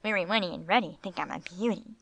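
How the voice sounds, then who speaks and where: A woman's voice: lowish voice, fast, creaky, no room sound, low-quality recording. A woman reading a grave old dog with dry humour. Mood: amiable. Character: good-natured old male dog, dry joker.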